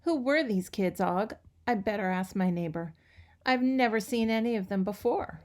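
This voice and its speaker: A woman's voice: mid-range voice, expressive, moderate pace, darkish tone, lightly acted. A woman voicing an anxious small male classroom hamster, earnest and fretful in a storybook reading. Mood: worried.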